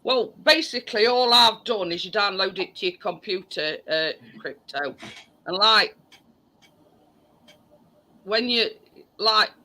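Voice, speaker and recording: A hoarse woman with a Yorkshire accent hosts a casual live-stream chat over a video call, often stumbling and repeating words. Her mid-range voice is pushed and bright, slow with long pauses, and the recording is rough.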